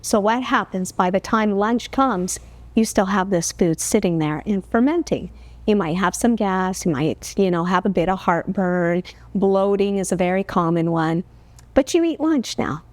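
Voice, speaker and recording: A woman's voice: mid-range voice, no room sound. A woman health educator explaining digestion as a talk-show guest, in an earnest, explanatory way with rhetorical questions. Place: television studio.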